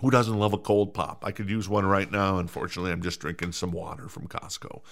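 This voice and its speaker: A man's voice: low voice, flat delivery, fast, vocal fry. A middle-aged man hosting a podcast alone, rambling casually with lots of fillers, restarts and jokes at his own expense. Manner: rambling, self-mocking, many fillers and restarts. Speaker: podcast host. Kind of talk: casual solo podcast chat.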